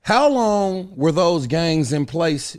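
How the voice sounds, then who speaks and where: A man's voice: a little high, expressive, takes it slowly. A man hosting a podcast, asking his guest short, casual questions. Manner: short prompting questions and brief backchannels. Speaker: podcast host. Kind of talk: casual interview. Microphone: studio microphone.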